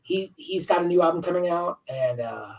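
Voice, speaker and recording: A man's voice: high voice, lively intonation, moderate pace, far from the mic, low-quality recording. A man in his fifties, a comics writer chatting as an interview guest over a video call, talking in a rambling, candid way and swearing freely. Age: 50s. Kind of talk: casual interview chat.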